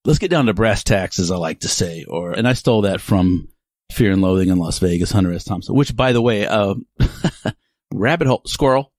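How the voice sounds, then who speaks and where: Chatty man, low dry voice. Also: expressive, normal speed, darkish tone, no echo. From Texas. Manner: rambling, chatty, digressive. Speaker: podcast host. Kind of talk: casual monologue.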